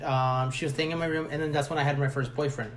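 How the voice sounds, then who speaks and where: A young man talking casually on a podcast, telling a personal story in an animated way and acting out the voices of others. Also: fairly high pitch, fast talker, roomy sound, slight background noise. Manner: animated, acts out quoted voices.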